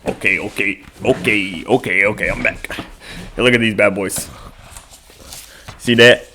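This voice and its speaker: A man's voice: lowish voice, steady tone, unhurried, pushed and bright, a little hiss or hum. A man hosting his own podcast in a casual solo monologue, rambling loosely with lots of fillers and frequent swearing. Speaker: podcast host.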